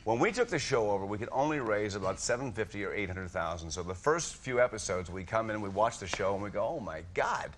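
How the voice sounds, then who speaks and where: A man, a chat-show guest telling lively anecdotes and acting out scenes. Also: on the low side, fast, hardly any pauses. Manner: animated storyteller, acting out scenes, laughing. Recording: studio audience and noise. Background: studio audience.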